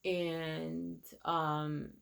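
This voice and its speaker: A woman giving a casual, animated recap of a TV episode, quoting the characters as she retells it. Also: deep voice, very slow, creaky, clean tone. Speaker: reviewer.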